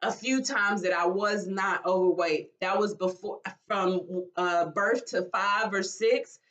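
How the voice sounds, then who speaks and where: A woman, talking in a halting, emotional way in a personal vlog, with sighs and restarts. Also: mid-range voice, fairly bright tone, distant mic. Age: 40s. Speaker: vlogger.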